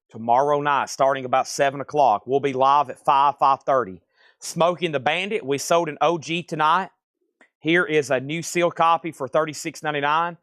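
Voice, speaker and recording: A man's voice: fairly high pitch, a bit bright, dry recording. Casual man reading record prices. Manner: brisk list-reading of items and prices, casual. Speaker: live sale host. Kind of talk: livestream sales pitch.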